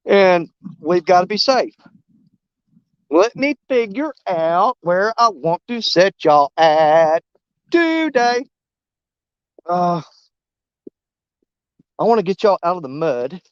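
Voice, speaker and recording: Excitable man on a river bank. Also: high voice, no echo, highs cut off. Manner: excitable, emotional, talks to viewers directly. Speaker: fishing vlogger. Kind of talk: casual outdoor vlog. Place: outdoors on a muddy river bank. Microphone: camera mic muffled against the wind.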